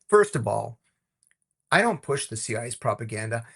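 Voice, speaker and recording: A middle-aged man recounts old stories in an interview, wry and animated. His voice sits at an ordinary middle pitch but swings widely as he acts out each scene. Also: normal speed, creaky, long pauses, slightly rough. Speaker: former intelligence officer, guest.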